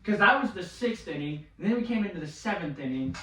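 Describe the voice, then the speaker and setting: A young man telling a baseball story in casual chat. He talks in an animated way, swears a lot and loudly mimics other people's voices. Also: high voice, fast, slight background noise. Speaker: podcast guest, baseball player. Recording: echoey room, mic at a distance.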